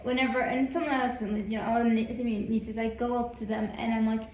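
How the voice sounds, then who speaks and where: Woman, fairly high voice, rambling chatty storyteller with restarts, off-mic in an echoey room. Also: little pitch movement, brisk, a little mellow, slight background noise. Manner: rambling storytelling with self-interruptions. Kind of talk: casual conversation. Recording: echoey room, mic at a distance, faint ambience.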